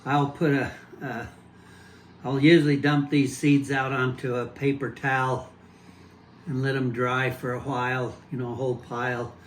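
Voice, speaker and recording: Older man, home kitchen demo, middle pitch, plain explaining, faint background hum. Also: little pitch movement. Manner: plain, unhurried explaining, often restarts sentences. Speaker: home gardener showing pumpkin prep. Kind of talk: casual demonstration chat.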